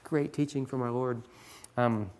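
A man's voice: medium pitch, steady tone, unhurried, a little mellow. A man in his forties, a teacher, earnestly teaching other teachers with scripture and stories. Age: 40s. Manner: earnest, pleading, reads scripture aloud.

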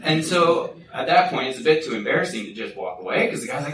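A man giving a personal testimony at a church, telling a lively story and acting out what others said. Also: medium pitch, fast, a little hiss or hum. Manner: lively storyteller who acts out what people said. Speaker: guest speaker at a church. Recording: echoey hall, mic from a distance.

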